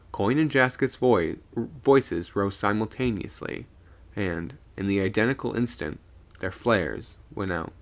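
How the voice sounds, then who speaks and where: A man reading a spooky sea story aloud on a live stream, animated, with small stumbles and self-corrections. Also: lowish voice, gravelly.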